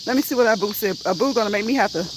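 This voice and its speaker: A woman's voice: mid-range voice, very fast. A woman livestreaming as she walks outdoors, chatting casually with viewers, teasing and laughing often. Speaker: vlogger on a live walking stream. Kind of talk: casual chat while walking. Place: outdoors in a rural area, walking uphill. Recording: outdoor noise with insects.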